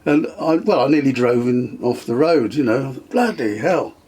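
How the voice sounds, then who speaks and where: Older man, husky, mid-pitched, hesitant storyteller. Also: normal speed, mellow. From England. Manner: hesitant, many ums and restarts, chuckles often. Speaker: interviewee, the host's father. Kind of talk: casual reminiscing interview.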